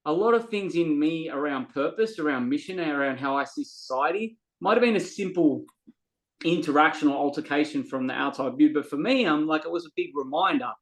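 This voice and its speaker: A man's voice: fairly high pitch, expressive, a little fast, rough recording. A man, a guest on a podcast, talking earnestly and from the heart in a casual, story-telling way, sometimes repeating words as he looks for them. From Australia. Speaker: podcast guest, men's coach.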